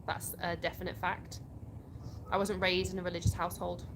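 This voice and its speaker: A woman's voice: fairly low pitch, little pitch movement, brisk, background noise. A young English woman from England hosting a casual livestream on her phone outdoors, chatting and reading viewer comments aloud with easy laughter. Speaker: livestream host.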